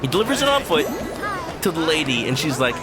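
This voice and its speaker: A man's voice: on the high side, sing-song, quick pace, over loud music. A male streamer giving casual, rambling, joking commentary over gameplay.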